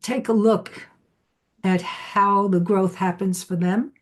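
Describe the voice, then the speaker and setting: A middle-aged woman hosting an interview, speaking conversationally with affirming asides and pauses. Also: medium pitch, steady tone. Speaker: podcast host.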